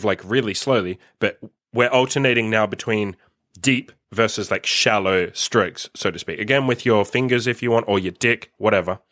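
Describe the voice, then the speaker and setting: A man's voice: mid-range voice, a bit bright, no room sound, clean studio sound. A man hosting a podcast, giving blunt advice in a casual, frank monologue full of "like" fillers. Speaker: podcast host.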